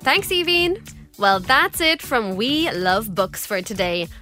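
A woman hosting a children's radio show, upbeat, cheerful and animated. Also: a little high, slow pace, over music. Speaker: host.

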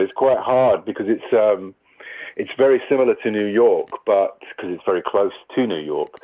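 A very low-voiced man talks through acting in a radio interview, thinking aloud and circling back over his phrases. The sound is thin and phone-like, as if squeezed through a narrow line. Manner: thoughtful, restarts sentences while working out ideas. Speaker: stage and TV actor.

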